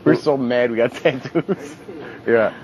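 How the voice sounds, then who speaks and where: Over crowd noise in a low-quality recording, a young man speaks at medium pitch and a little slowly. He's a reality show contestant casually telling stories, animated and profane, raising his voice when he acts out quotes.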